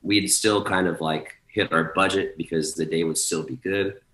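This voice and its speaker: A man's voice: deep voice, fairly even intonation, moderate pace, a bit bright, echoey room, low-quality recording. A man, a guest DJ, telling road stories in casual podcast chat, with swearing and acted-out quotes. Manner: storytelling with swearing, acts out quoted people.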